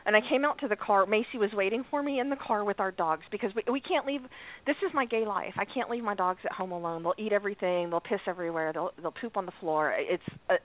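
A woman's voice: medium pitch, quick pace. A woman co-hosting a casual radio chat, telling stories with frequent laughs and restarts. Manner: laughs often, storytelling with restarts. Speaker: podcast co-host. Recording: tinny phone-like audio.

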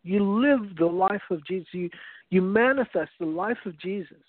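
A high-voiced man preaches earnestly, telling a story and often restarting his phrases. The sound is dry and narrow, like it came over a phone line. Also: moderate pace, no room sound. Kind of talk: evangelistic teaching talk.

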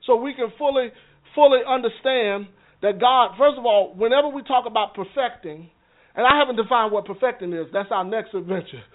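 A man's voice: very high voice, fairly quick. A man leading a church teaching session in a conversational way, often checking in with his listeners and repeating words as he goes. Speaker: minister teaching a Bible class. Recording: phone-like narrow sound.

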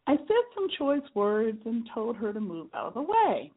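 A woman author reading aloud from her own memoir in an earnest, measured storytelling manner, with a husky voice. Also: fairly high pitch, very animated. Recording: tinny phone-like sound.

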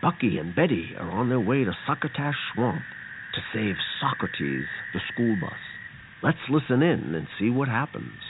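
A folksy announcer, as a man puts him on welcomes the kids in a slow, sing-song way. His lively voice rises and falls. The sound is tinny and phone-like over steady hiss. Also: mid-range voice, pitched below the performer's own voice, lightly acted. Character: folksy male announcer for children.

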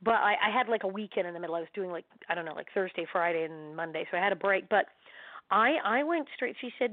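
A woman in middle age, an actress and interview guest, tells stories with lively energy and acts out every quote. Her voice is mid-pitched and close, with no room around it. The sound is narrow and tinny, like a telephone call. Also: fast, no room sound. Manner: animated, laughing storyteller who acts out quotes. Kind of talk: casual storytelling chat. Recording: tinny phone-line sound.

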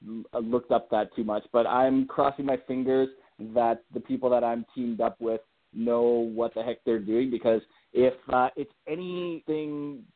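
A man from Alberta, Canada, calls into a casual show as a guest, speaking at medium pitch with fairly even intonation and moderate pace. He's rambling and self-deprecating, laughing easily and restarting often, over a tinny, dry phone line with no echo.

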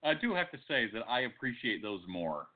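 A man with a mid-pitched voice that swings widely, trading wry banter as a podcast co-host. His voice comes through thin and narrow, like a phone call. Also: very animated, fairly quick. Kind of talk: casual chat. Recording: tinny phone-like audio.

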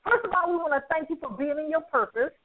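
A woman's voice: high-pitched, fast. A woman hosting a radio talk show, effusive and encouraging, laughing often. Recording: phone line.

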